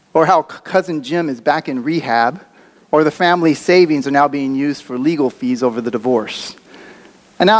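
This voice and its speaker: A man preaching a sermon as a pastor, talking in a conversational, reflective way with occasional fillers. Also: medium pitch.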